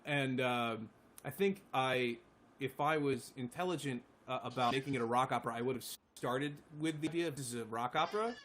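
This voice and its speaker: A man's voice: medium pitch, brisk, fairly bright tone, a little hiss or hum. A man who writes and sings his own songs, chatting casually as a live-stream guest in a rambling, self-deprecating way with easy swearing. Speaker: singer-songwriter guest.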